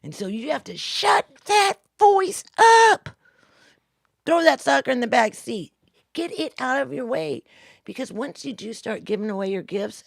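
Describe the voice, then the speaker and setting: Casting: expressive woman with a gravelly edge, motivational co-host, dry close sound. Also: fairly high pitch, no echo. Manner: animated, acts out inner voices, drops to hushed intensity. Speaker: co-host, spiritual coach. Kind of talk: spontaneous motivational talk.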